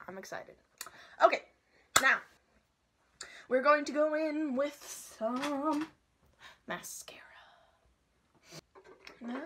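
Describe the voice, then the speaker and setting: A young woman chatting casually and playfully through a makeup tutorial at home, sometimes dropping to soft asides. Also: a little high, a little hiss or hum. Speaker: makeup vlogger.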